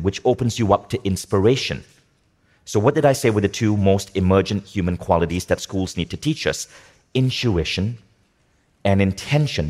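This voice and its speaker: A man giving a motivational talk to a live audience, energetic, asking the room questions and repeating key phrases. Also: sits low. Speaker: speaker teaching a workshop.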